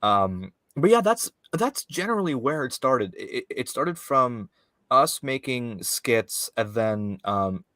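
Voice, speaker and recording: A man's voice: mid-range voice, big pitch swings, takes it slowly, bright, forceful tone, no room sound, studio quality. A man, a filmmaker guest, chatting casually in an interview with lots of fillers, restarts and laughs. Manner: rambling, many fillers and restarts, laughs often.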